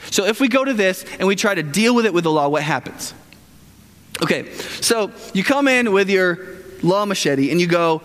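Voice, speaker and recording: A male pastor with a high voice preaches in a big hall where his words ring out in a long reverb. He talks casually to the room, checks in with "right?" and slips into the voices of the people he describes. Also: animated, normal speed, a bit bright. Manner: conversational, keeps asking "right?", acts out quoted people. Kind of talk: sermon.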